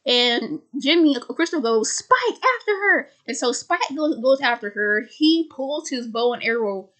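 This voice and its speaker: A woman's voice: on the high side, normal speed, a bit bright. A young woman casually recapping a film, stuttering and restarting words often. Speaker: video creator.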